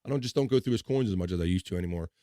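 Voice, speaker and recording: A man's voice: low-pitched, rapid-fire, dark tone, dry recording, clean studio sound. A man co-hosting a casual live stream, laughing often and reading viewer comments aloud. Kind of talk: casual banter.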